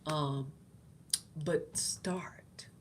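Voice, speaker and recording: Here the middle-aged woman whispers in a low, steady voice at an extremely slow pace. As host of her own channel, she chats about faith with casual encouragement, often repeating her points.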